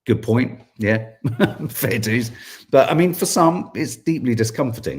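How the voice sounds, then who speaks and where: A man's voice: mid-range voice, lively intonation, unhurried, a little mellow. A British man hosting a podcast, chatting wryly and reading out viewer comments, getting worked up at times. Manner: chatty, wry, gets worked up, frequent fillers. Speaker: podcast host.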